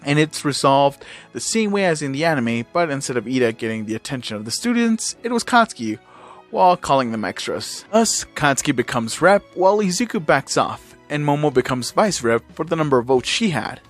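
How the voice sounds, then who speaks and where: A man reads a fan-made story aloud at an easy, even pitch, now and then tripping over a word or adding a filler. Soft music plays quietly behind him. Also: a little fast. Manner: casual, with small slips and fillers. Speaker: channel host reading fan fiction. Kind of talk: casual reading of fan fiction.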